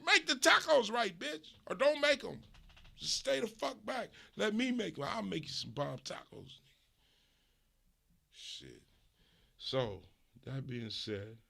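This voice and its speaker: A man from the US West Coast, a streamer host, delivering a casual, profane, animated comedic rant. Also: medium pitch.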